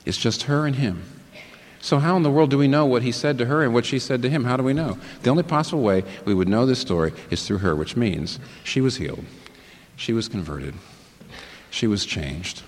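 A pastor preaching a sermon, asking rhetorical questions and building up emphasis. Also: male voice, medium pitch, expressive, normal speed, darkish tone, long reverb tail.

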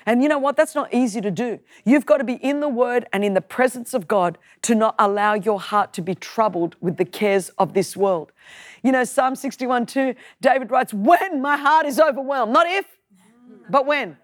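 High-voiced woman preaching with fervor. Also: normal speed, dry recording, clean studio sound. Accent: Australian. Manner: emphatic, rising to forceful peaks. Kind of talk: sermon.

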